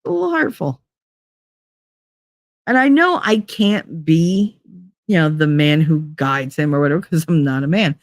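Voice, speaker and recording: A woman's voice: low-pitched, moderate pace, no room sound. Candid woman with a dry close sound. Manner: candid, rambling, laughs often, acts out quotes. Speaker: podcast host. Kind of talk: casual monologue.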